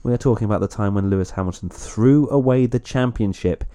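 A man's voice: fairly low pitch, fast, mellow. A man hosting a casual podcast chat in a playful, jokey manner. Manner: playful, jokey, laughs often. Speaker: podcast host.

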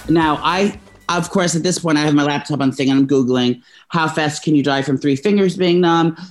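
A man's voice: on the high side, moderate pace, soft background music. Rambling, emotional young man telling a story. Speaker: podcast co-host telling a story. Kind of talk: casual chat.

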